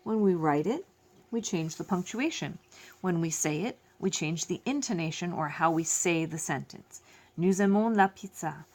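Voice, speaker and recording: A woman teaching a French lesson, explaining slowly and repeating each phrase in both languages, with self-deprecating asides. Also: lowish voice, lively intonation. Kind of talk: classroom lesson.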